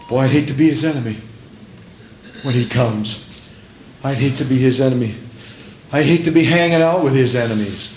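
A man preaching a sermon from the pulpit, moving between low, measured passages and high, fervent stretches, and reading scripture in old-fashioned English. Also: roomy sound, slight background noise. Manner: reads scripture in King James English. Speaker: pastor. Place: church sanctuary.

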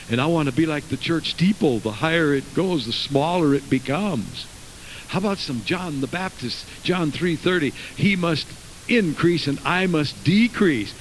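A man's voice: on the high side, a little hiss or hum, poor audio. A man preaching a fervent sermon to his congregation in a church, with many asides and restarts. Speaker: pastor. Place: church sanctuary.

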